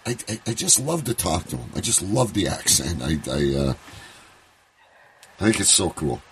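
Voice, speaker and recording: Radio host, male, from Canada: very low voice that swings widely, chatty and stammering, faint room hiss. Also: normal speed. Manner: rambling, stammering restarts, excitable. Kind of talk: casual live radio chat.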